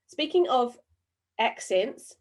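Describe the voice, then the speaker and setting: A woman from New Zealand whose accent has softened over years abroad, presenting an online training webinar. She talks deliberately with frequent pauses and keeps putting questions to the audience in the chat. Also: a little high, animated. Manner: engaging, quizzes the audience through the chat.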